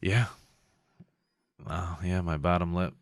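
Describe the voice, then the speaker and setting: A man's voice: low-pitched, fairly even intonation, slow, vocal fry, no echo, studio quality. A man hosting a podcast, telling rambling, profane stories in casual chat. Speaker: podcast host.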